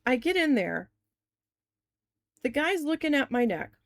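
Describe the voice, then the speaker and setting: Young woman, casual storytelling, candid, swears a lot, higher voice, dry sound. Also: big pitch swings, unhurried, no room sound. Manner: candid, swears freely, heavy use of "like". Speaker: crafting vlogger telling a story. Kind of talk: casual storytelling while crafting.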